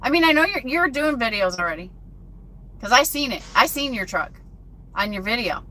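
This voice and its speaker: A woman truck driver live-streams from her cab at a truck stop and chats casually with her viewers, reading their comments aloud. Her voice is bright and sits a little high. She is recorded on a phone with faint vehicle noise behind her. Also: expressive, moderate pace.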